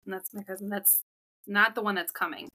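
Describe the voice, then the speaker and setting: A woman co-hosting a podcast in casual chat, speaking quietly and haltingly, often trailing off. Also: medium pitch, fairly even intonation. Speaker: podcast co-host.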